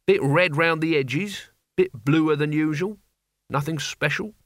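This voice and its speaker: A man's voice: a little high, unhurried, no echo, studio quality, pitched above the performer's own voice, lightly acted. A man voicing a grumpy, scornful old male servant in an audiobook. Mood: sneering. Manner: gruff and scornful. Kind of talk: audiobook character voice.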